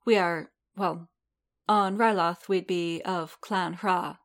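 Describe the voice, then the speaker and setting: A woman voicing a graceful alien mother with a Rillish accent, speaking in a light, musical, calm way. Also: fairly low pitch, takes it slowly.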